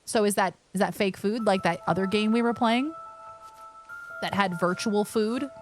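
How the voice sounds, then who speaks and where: A young woman streaming a game, chatting playfully and reading on-screen prompts aloud in an excitable way. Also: mid-range voice, normal speed. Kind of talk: casual let's-play commentary. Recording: game music underneath.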